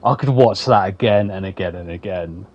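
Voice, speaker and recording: A man's voice: sits low, normal speed, darkish tone, highs cut off, a little hiss or hum. A man hosting a casual game review video with playful, sarcastic commentary. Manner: sarcastic, playful, laughs often. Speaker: gaming video host.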